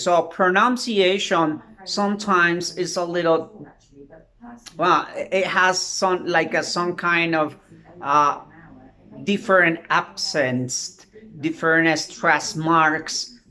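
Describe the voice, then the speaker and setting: A woman with a Colombian Spanish accent teaching an English lesson to students, halting and repeating words as she drills sounds. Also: on the low side, steady tone, bright, forceful tone.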